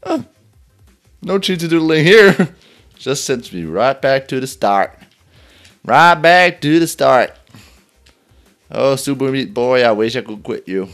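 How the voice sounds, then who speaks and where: A man's voice: medium pitch, animated, measured pace, faint music behind. A young man giving let's play commentary, laughing often, swearing and yelping in frustration as he plays. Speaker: gameplay commentator.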